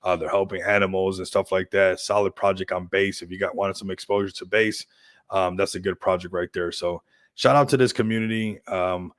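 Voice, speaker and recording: Low-voiced upbeat male crypto streamer. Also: steady tone, a little fast, dry recording, studio quality. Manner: rambling, upbeat hype talk with frequent laughs. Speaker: crypto livestream host. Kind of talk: casual livestream chat.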